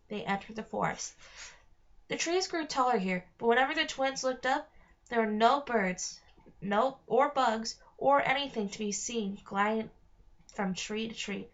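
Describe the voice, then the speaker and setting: A woman reading a storybook aloud with a fairly high voice, careful and steady with the odd slip. The recording sounds dull and lo-fi. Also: measured pace. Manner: careful, with small slips. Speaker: reader. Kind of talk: read-aloud narration.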